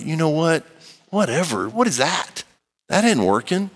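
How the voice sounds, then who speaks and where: In a large hall, a male pastor with a fairly high, expressive voice preaches at a measured pace, reading scripture to his congregation. His delivery is emphatic and conversational, broken up by playful, acted-out asides.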